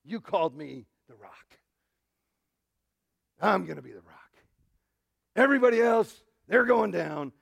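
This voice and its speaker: A man's voice: high voice, sing-song, a little slow, gravelly, pauses often, husky, no echo, pitched above the performer's own voice, full character voice. A man putting on the voice of a brash, overconfident male disciple who boasts that he alone will stand. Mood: boastful.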